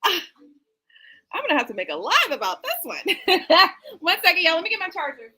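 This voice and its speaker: A high, bright woman voice swooping all over as she chats through a tarot reading on a live stream. She talks casually and animatedly, breaking into laughing asides. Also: huge pitch swings, fairly quick. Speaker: tarot reader. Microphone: streaming setup mic.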